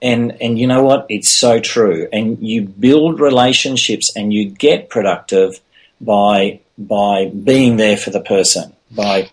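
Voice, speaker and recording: Low husky-voiced man, earnest guest. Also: measured pace. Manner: earnest, many restarts and "you know". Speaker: podcast guest. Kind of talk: casual interview talk.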